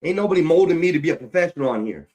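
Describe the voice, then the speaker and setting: A man's voice: a little high, expressive, racing, a little mellow. A man ranting angrily on a livestream, swearing heavily and repeating himself. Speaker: livestream host. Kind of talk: angry livestream rant.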